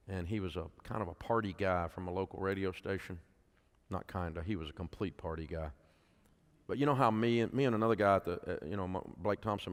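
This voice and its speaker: A middle-aged man, speaking to a conference audience in a folksy storytelling way and often asking the crowd questions. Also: low-pitched. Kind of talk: speech to an audience. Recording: long hall reverb.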